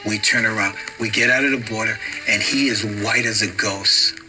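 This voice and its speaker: A man's voice: fairly low pitch, moderate pace, poor audio. A middle-aged man recounting an anecdote in a documentary interview, acting out the lines he quotes. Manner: lively storyteller acting out quotes. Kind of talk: anecdote told to camera. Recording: music playing underneath.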